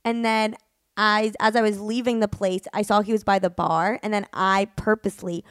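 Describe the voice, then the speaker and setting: A young woman who does stand-up comedy, co-hosting a casual podcast and telling an animated, chatty story. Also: medium pitch, moderate pace, clean tone, dry recording, studio quality.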